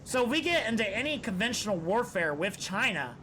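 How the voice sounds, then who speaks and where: High, bright-voiced male streamer. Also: sing-song, brisk, a little hiss or hum. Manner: rambling, profane, opinionated. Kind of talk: casual live-stream chat.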